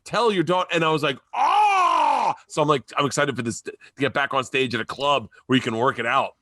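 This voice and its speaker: A man's voice: fast, no room sound. A middle-aged man, a guest comedian, telling stories in a casual chat and acting out the voices of the people in them. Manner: animated, acts out quoted voices with big pitch jumps.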